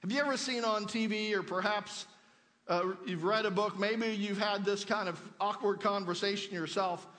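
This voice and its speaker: A pastor with a notably high voice delivers a conversational sermon, posing rhetorical questions to his listeners. His words ring out with a long reverb, as if spoken in a large church sanctuary. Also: fairly even intonation, moderate pace, a bit bright.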